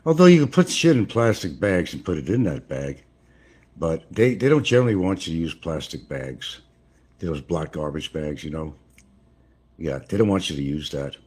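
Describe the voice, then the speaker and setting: A man's voice: very deep voice, very animated, moderate pace, darkish tone, breathy edge. An older American man chatting casually on a livestream from his home, rambling and chuckling as he answers chat comments. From United States. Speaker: livestream vlogger. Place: home in the central Philippines.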